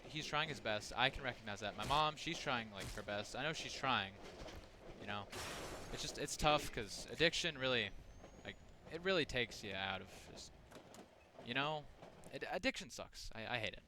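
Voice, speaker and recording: A man's voice: mid-range voice, animated, moderate pace, noisy background. A young man talking loosely over a horror game he is playing, rambling and restarting his sentences with many fillers. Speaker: gaming channel host. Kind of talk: casual gameplay commentary.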